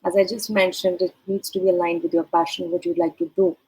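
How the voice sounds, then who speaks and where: A woman in the role of a career advisor, speaking directly to the listener in a measured, advising way. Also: fairly low pitch, flat delivery, dark tone, husky, poor audio. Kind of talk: advice talk.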